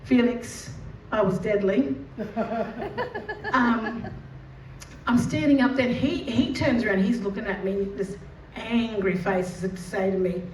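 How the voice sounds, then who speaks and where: An animated Australian woman tells a personal story with lively, vivid delivery. She sounds a little far from the mic in a roomy space, with a faint hiss of noise underneath. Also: a little high, unhurried. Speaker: educator and mother.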